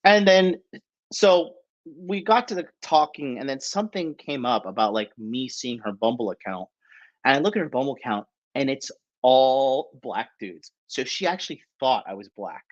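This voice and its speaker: Rambling through a story on his podcast, this American host is blunt and profane, tacking "right?" onto his sentences. His mid-range voice is animated at a moderate pace, with the high frequencies cut off.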